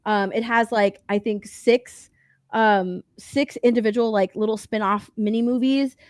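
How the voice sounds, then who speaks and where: A woman co-hosting a pop-culture news podcast, chatting casually with lots of fillers and excitement. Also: on the high side, a little slow, dry recording, studio quality. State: hiccups. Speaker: podcast co-host. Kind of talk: casual chat.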